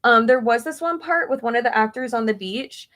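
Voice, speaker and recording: A woman's voice: fairly high pitch, brisk, a bit bright. A young woman chatting casually, answering viewer questions with lots of fillers and tangents. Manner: chatty, rambling with many fillers. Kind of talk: casual chat.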